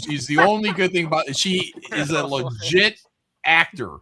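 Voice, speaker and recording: A man's voice: a little high, lively intonation, moderate pace, a crowd in the background. A man co-hosting a casual livestream podcast, rambling and joking about himself. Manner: rambling, joking, self-deprecating. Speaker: podcast co-host.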